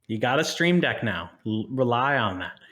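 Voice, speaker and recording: A man's voice: mid-range voice, expressive, moderate pace, fairly bright tone. A man co-hosting a live stream and commentating a competitive video game match, joking and laughing often between play-by-play.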